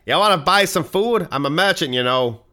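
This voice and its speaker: Man doing an over-friendly small-town merchant; higher and brighter than his own voice. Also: lively intonation, a little fast, background noise, close to an everyday voice. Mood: chirpy. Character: cheery chatty small-town male merchant.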